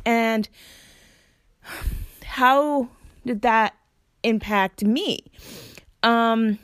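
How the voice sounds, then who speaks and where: A woman muses aloud in an unhurried, slightly high voice, pausing often to find her words. She sounds gentle and thoughtful, recorded close and dry with no room echo. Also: smooth. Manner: hesitant, searching for words with many fillers. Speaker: solo vlogger giving spiritual practice tips. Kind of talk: casual reflective talk to camera.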